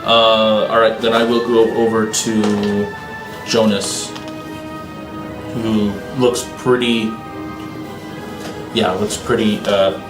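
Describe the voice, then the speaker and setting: A man's voice: lowish voice, little pitch movement, echoey room, music in the background, low-quality recording. A man playing a tabletop game who talks hesitantly and fills his turns with ums and uhs. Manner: slow, hesitant, lots of fillers. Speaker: player.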